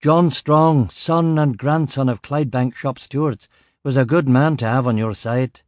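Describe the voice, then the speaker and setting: Brief: male narrator, wry and matter-of-fact, mid-pitched, dry close sound. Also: unhurried, darkish tone, no room sound. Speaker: audiobook narrator. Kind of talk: first-person audiobook narration.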